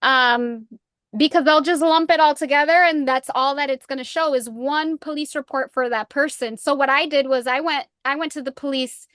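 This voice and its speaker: A woman's voice: sits high, fairly even intonation, moderate pace, a bit bright, no echo, clean studio sound. A woman guest on a podcast, giving earnest advice in casual interview talk, with fillers.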